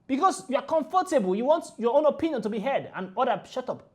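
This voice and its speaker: A woman ranting through a reaction video, emphatic and indignant, repeating her points forcefully. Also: sits high, lively intonation, fast talker.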